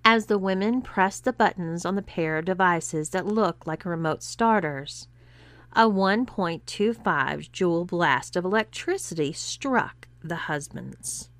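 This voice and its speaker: A woman reading an erotic story aloud as narrator, voicing every character with lively pitch shifts. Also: unhurried, dry recording.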